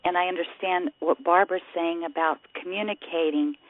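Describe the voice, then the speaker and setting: A woman in a casual talk show sharing a reflective story in a gentle, hesitant way. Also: on the low side, steady tone, normal speed. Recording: tinny phone-line sound.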